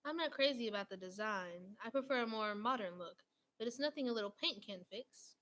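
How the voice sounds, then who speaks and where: A woman's voice: lively intonation, brisk, a bit bright. A woman voicing a fussy, indignant male talking doughnut in a read-aloud storybook. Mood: pleased. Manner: polite, then shrill and outraged.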